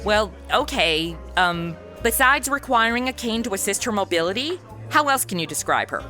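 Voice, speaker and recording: A woman's voice: medium pitch, sing-song, moderate pace, sharp tone, soft background music. A young woman with a sarcastic, wisecracking modern manner, narrating and playing the lead in a comedy audio drama.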